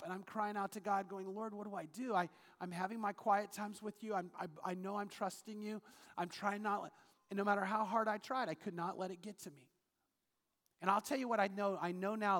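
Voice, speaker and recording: The speaker is a pastor giving an earnest, story-driven sermon and reading from scripture in a church auditorium. His pitch is high with a touch of brightness, and the sound carries a lengthy hall echo.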